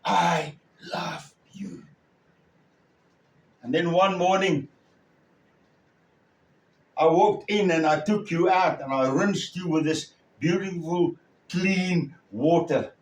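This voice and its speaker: A man preaching a sermon as a story, with a slow, halting delivery and many pauses. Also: fairly high pitch. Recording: echoey room, far from the mic.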